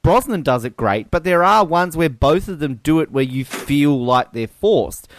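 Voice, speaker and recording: A man's voice: a little high, moderate pace, a little hiss or hum. A man co-hosting a film podcast in casual chat, swearing freely and laughing as he talks. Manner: animated, swears freely and laughs mid-sentence. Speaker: podcast co-host.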